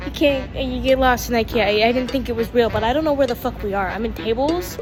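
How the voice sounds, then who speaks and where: A woman casually vlogging to camera from her phone, excitable and playful, swearing now and then. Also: fairly high pitch, fast talker, over music. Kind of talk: casual vlog chatter to camera. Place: stores, streets and a theme-park district.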